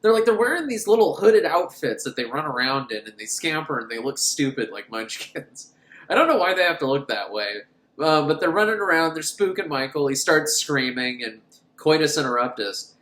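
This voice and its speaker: A man talking through a horror movie with crude, sarcastic jokes, his pitch swinging up and down a lot. He laughs at his own lines, and the voice has a roomy echo. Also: very animated, moderate pace, a bit bright. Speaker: film reviewer. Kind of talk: casual comedic movie recap.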